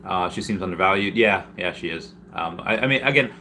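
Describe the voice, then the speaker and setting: A man hosting a casual livestream Q&A, rambling and restarting, with sudden excited jumps in pitch. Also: brisk, a little hiss or hum. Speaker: livestream host answering viewer questions.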